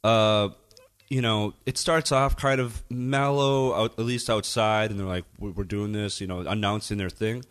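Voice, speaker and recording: Speaking smoothly in a lowish voice at normal speed, a middle-aged man guesting on a podcast as a DJ recounts a long story. He curses without holding back. He is animated and voices what everyone said along the way.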